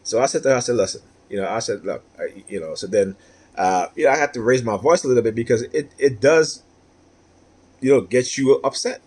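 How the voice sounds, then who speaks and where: A man's voice: medium pitch, a little fast, a little mellow, husky. A man talking straight to camera in a personal monologue, aggrieved and repetitive, tagging his points with "right?". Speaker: vlogger.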